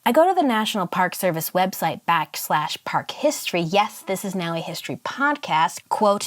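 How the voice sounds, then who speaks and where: A woman chatting casually about a sketch, playful and excitable, with quick asides. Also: medium pitch. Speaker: art vlogger. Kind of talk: casual chat while sketching.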